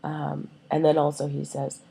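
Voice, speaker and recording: A woman's voice: low-pitched, monotone, moderate pace, vocal fry, warm tone, slight background noise, low-quality recording. A woman teacher giving a recorded class lecture, explaining with many fillers and checking that her listeners follow.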